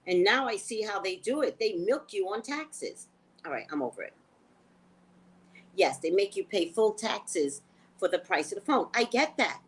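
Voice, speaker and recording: A woman's voice: mid-range voice, husky, low-quality recording. Woman ranting on her livestream, voice jumping all over, cussing, fed up, chatting to viewers. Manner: animated, profane, exasperated storytelling. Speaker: live stream host, tarot reader. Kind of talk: casual livestream rant.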